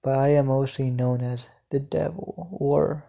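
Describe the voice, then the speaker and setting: A man voicing an ancient, scheming male devil who offers deals, in a hushed whispered role-play. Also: mid-range voice, steady tone, measured pace, vocal fry. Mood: sly.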